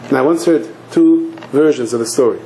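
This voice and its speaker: A rabbi tells a story in a sermon at a fast clip and throws himself into every scene. His speech rings in an echoey hall, and a faint hiss sits behind it. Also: medium pitch. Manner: animated, acting out the story.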